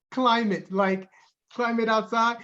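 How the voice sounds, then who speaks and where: A man with a high voice reads odd news stories to his co-host, amused and chuckling between lines. His audio is muffled and lo-fi. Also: fairly even intonation, slow pace, a bit bright. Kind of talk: casual comedic chat.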